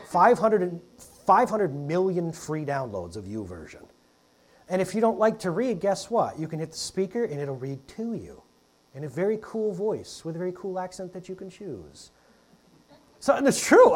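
A man delivers a casual, conversational sermon, addressing the room as "guys". His voice sits a touch high and is a little husky, and it rises and falls with lively energy. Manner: conversational, calls the congregation "guys", jokes aside. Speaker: pastor. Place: church hall with a congregation.

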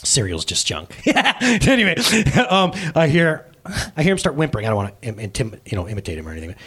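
A man in his thirties preaching a sermon as pastor, telling a story in a casual, animated way. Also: medium pitch, fast talker, breathy edge.

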